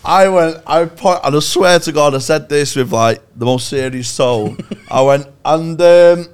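A man's voice: a little high, steady tone, normal speed, clean tone. A young man telling a sweary, self-mocking story as a podcast co-host, laughing often. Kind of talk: casual storytelling chat.

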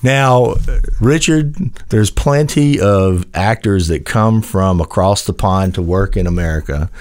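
A man hosting a casual radio talk show, reading odd news stories in a slow, emphatic, wry way. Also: low-pitched, a little mellow. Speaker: radio host.

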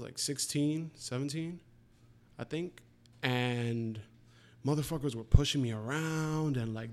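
Man in his twenties, casual chat, swears a lot, animated storyteller. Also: medium pitch. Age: 20s. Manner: profane, animated storytelling with acted-out quotes.

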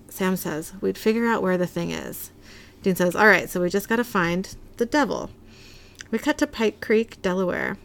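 A woman's voice: medium pitch, creaky. Woman casually recapping a TV episode. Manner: reads scenes aloud, quoting lines in a lightly acted way. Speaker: podcast co-host recapping an episode.

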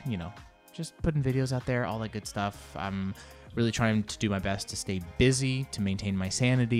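Rambling, profane man hosting a podcast. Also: fairly low pitch. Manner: rambling, profane, self-mocking. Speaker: podcast host and comedian. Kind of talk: casual solo podcast monologue.

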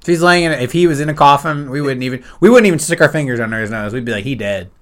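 A man's voice: on the high side, lively intonation, racing. A man co-hosting a comedy podcast, joking crudely in casual banter. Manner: joking, crude, acts out voices. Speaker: podcast co-host.

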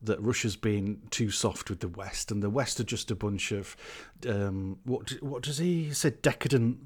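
A man's voice: on the low side, normal speed, breathy edge. A man co-hosting a casual chat, hesitant with many ums and a dry sense of humour. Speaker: podcast co-host.

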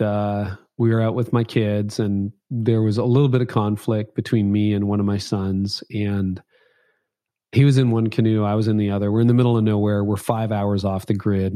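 A man's voice: on the low side, fairly even intonation, normal speed, mellow, dry recording, clean studio sound. A man who is the author guest on an interview podcast, talking in a reflective, heartfelt way and stressing his points by repeating them. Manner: reflective, heartfelt, repetitive emphasis. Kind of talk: interview conversation.

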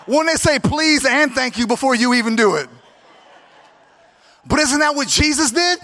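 A man's voice: extremely high pitch, animated, moderate pace, pushed and bright. A man preaching a sermon as pastor at a church service, driving his points home with emphatic, repeated exhortations.

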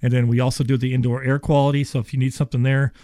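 A man, an HVAC business owner making an enthusiastic radio sales pitch full of restarts. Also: flat delivery, rapid-fire, dark tone, no echo, studio quality.

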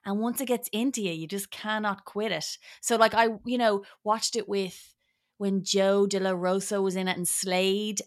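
A woman, a podcast guest in casual chat, animated and laughing as she acts out little voices. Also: mid-range voice, moderate pace.

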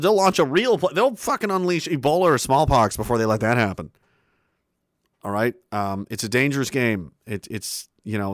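A man's voice: on the low side, no echo, studio quality. A man giving a heated, profane commentary that rambles with restarts. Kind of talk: casual political rant.

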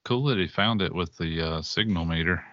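A man's voice: low-pitched, normal speed, fairly bright tone, no echo. A man co-hosting a podcast, adding brief, laid-back comments. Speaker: podcast co-host. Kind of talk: casual podcast chat. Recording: dull lo-fi dry sound.

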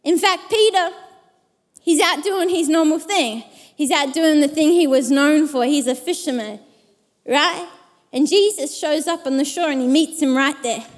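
A woman preacher giving a sermon, telling a personal story in an animated way and acting out the people in it. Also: sits high, moderate pace, long reverb tail. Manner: animated, acts out the people in her stories.

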